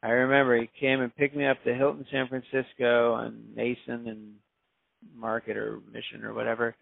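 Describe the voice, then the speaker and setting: A man's voice: medium pitch, moderate pace, vocal fry, no room sound. A man, a DJ, telling a story casually and acting out the voices of the people in it. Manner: animated, acts out quoted voices. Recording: dry, phone-like narrow sound.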